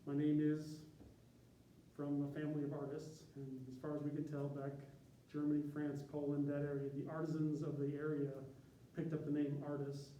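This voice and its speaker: A man's voice: fairly high pitch, completely flat delivery, normal speed, warm tone, dull audio, slight background noise. A man from Chicago, a university graphic artist, giving an informal, self-deprecating talk to a class. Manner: self-deprecating, joking, chatty with tangents. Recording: echoey room from a distance.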